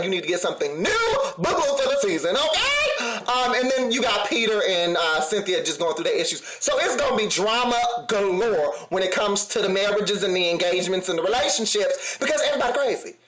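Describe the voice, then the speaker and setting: High-voiced sassy man in an echoey room. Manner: laughing, sassy, talks straight to viewers. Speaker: reality TV reviewer. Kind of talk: casual sassy commentary.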